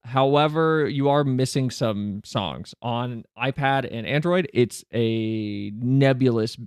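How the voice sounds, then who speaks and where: A chatty man talking casually on a live stream at a mid-range pitch, into a close, dry desk mic. He answers chat with quick asides, and his voice jumps up when he gets flustered. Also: smooth, no room sound.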